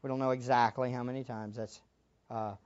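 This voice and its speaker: A woman teaching a Bible lesson as a sermon, emphatic and animated, acting out the quotes she reads. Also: very deep voice, a little fast, muffled recording.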